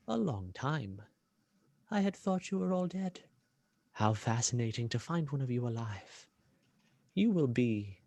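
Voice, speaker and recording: A man voicing a masked imperial commander who is polite and menacing, speaking in a slow, courtly way. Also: mid-range voice, darkish tone, no echo, full character voice. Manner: slow, courtly, drawn-out delivery.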